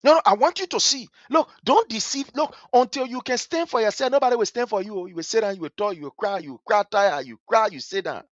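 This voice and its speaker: A man's voice: high-pitched, expressive, fast talker, few pauses, no echo. A Liberian man giving impassioned political commentary, scornful and emphatic, hammering his points with repetition. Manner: scornful and emphatic, repeats phrases for effect. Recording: dull lo-fi stream audio.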